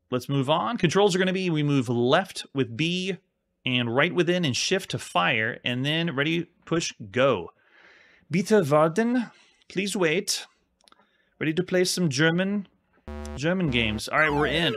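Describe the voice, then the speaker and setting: Lively man reviewing retro games. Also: a little high. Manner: rambling, restarts words often while playing. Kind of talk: casual gameplay commentary.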